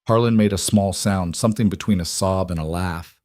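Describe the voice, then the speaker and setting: Low steady guy reading a western story, dry close sound. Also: brisk, no echo. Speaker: narrator. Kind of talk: scripted narration of a western story.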